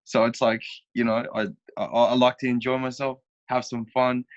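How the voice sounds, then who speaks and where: A man's voice: medium pitch, level tone, normal speed, highs cut off. An Australian man as an interview guest, laid-back and blunt, swearing casually.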